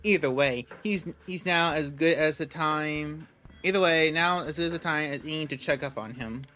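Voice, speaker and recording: A man reads game narration aloud in a casual, relaxed way, often tripping over words and starting them again. His voice is bright and sharp, and it sits a little high for a man. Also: moderate pace. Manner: stumbles and restarts words while reading. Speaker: gamer reading a visual novel aloud.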